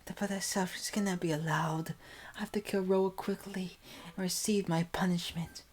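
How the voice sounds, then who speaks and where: A woman's voice: on the low side, a little slow, pitched above the performer's own voice, natural voice. A woman doing a whispery, guilt-ridden young senpai. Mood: resigned. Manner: breathy, hushed, pleading. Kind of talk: whispered role-play.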